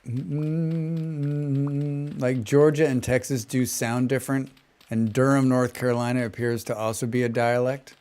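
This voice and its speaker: A man streaming a game, talking in a relaxed, rambling way with a flat General American accent. His voice is smooth and clean, sitting at an ordinary middle pitch. Between thoughts he hums and scats little tunes to himself. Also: measured pace. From western United States. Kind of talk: casual chat while gaming and reading chat.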